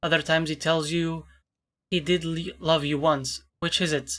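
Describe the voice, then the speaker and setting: A man's voice: on the high side, little pitch movement, moderate pace, a bit bright. A man playing a video game, reading its text aloud with frequent stumbles and self-corrections. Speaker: let's play commentator.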